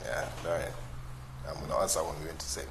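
A man's voice: very deep voice, fairly even intonation, fast talker, noisy background. A man co-hosting a podcast in casual banter, defending himself and repeating his protests. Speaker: podcast co-host.

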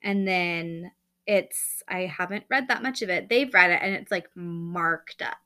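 A woman's voice: lowish voice, a little slow, bright, forceful tone. A woman in her thirties co-hosting a casual chat podcast, rambling and chatty with lots of fillers. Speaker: podcast co-host.

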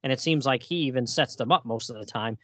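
A man's voice: mid-range voice, fast, sharp tone, no room sound. A man co-hosting a casual podcast, enthusiastic and laughing often as he recaps stories. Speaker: podcast co-host. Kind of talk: casual chat.

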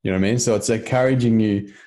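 A man with a somewhat low voice talks earnestly in a relaxed podcast chat. His speech is loose and conversational, peppered with check-ins to the other person. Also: very fast. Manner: earnest, loose, keeps asking "you know what I mean".

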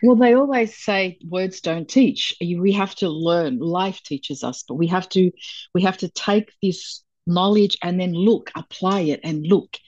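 Soft-spoken woman on dull, dry audio. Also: on the low side, unhurried, no echo. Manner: thoughtful, searching for words. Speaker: guest, breathwork coach. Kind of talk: casual conversation.

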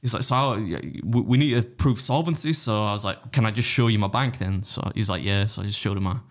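A man's voice: fairly low pitch, fast. A man telling a story in casual podcast chat, acting out other people's lines, swearing and laughing often. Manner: animated anecdote-telling, acts out other voices, swears freely, laughs often. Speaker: podcast guest, competitive eater.

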